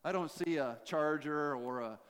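A man with a high, light voice preaches a sermon in a folksy, joking way, full of self-deprecating asides. His words ring out with the long reverb of a church hall. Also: normal speed, clean tone. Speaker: pastor.

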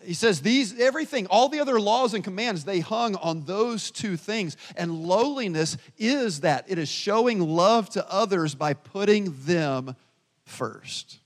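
A male pastor preaching a sermon in a church sanctuary, telling personal stories with animated, self-deprecating humor and chatty asides to the congregation. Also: high-pitched, unhurried. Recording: long reverb of a church hall.

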